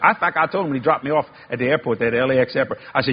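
A man preaching a sermon, telling a story in a folksy way with y'all and ain't, swinging from loud exclaiming to low hushed tones. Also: rapid-fire, breathy edge, lo-fi sound. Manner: folksy Southern-style speech with y'all and ain't.

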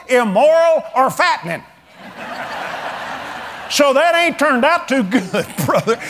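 Slow, lively-voiced preacher in his seventies. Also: extremely high pitch, slight background noise. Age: 70s. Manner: storytelling, chuckling, drawling colloquial speech. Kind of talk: folksy sermon.

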